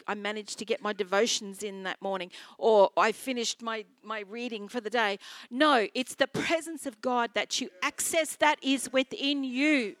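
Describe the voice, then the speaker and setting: An Australian woman pastor delivers an earnest sermon, telling stories and circling back to the same phrases. Her voice sits a little high and rings bright and forceful. It is recorded dry, with almost no room sound. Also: no room sound. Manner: earnest, storytelling with repeated phrases.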